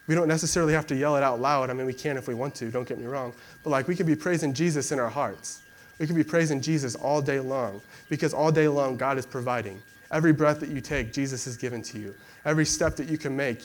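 A young man preaching in a loose, conversational way, often reaching for "like" as he talks. His pitch sits in a normal middle range. A faint hiss of noise runs under the recording. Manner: conversational, many fillers like "like". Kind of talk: casual sermon and prayer.

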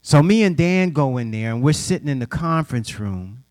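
Recorded in a clean, dry studio, a middle-aged man who mentors young people speaks in a mid-range voice at normal speed while sharing personal stories with an audience. Plainspoken and informal in grammar, he's an animated storyteller who performs the voices of those he quotes.

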